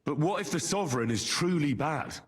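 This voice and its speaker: An actor playing an earnest young medieval squire who asks direct, inquisitive questions, in video game voice acting. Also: male voice, fairly high pitch, lively intonation, fairly quick, natural voice. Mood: questioning.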